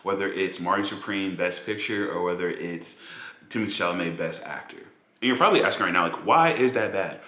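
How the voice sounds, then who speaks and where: Man, film reviewer, casual monologue, bright tone, roomy echo. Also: sits low, normal speed. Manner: animated, mocking quoted voices, many fillers.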